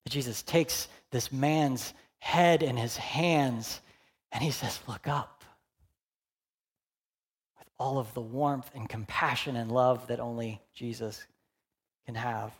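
Man in his forties, pastor, conversational sermon, candid, loud bursts and hushed lines. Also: mid-range voice, measured pace, slightly rough. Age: 40s. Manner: candid, conversational, full of fillers, swings between loud emphasis and hushed quiet.

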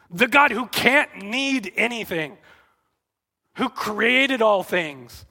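Male pastor, sermon delivery, bright and fairly high voice; earnest, animated, shifts into hushed intimacy. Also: creaky, slightly rough. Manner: earnest and animated, acting out quotes then dropping to soft intimate tones.

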